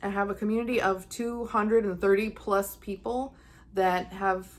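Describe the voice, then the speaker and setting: Here a young psychic medium tells her viewers a personal tale at a normal speed, her medium-pitched voice keeping a fairly even intonation. The storytelling is casual and earnest, and she voices her own thoughts with feeling.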